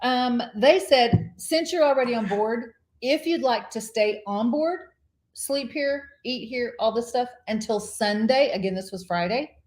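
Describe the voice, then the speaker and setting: A woman co-hosting a casual live cruise chat show, an animated storyteller who laughs often. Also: on the high side, measured pace, reverberant.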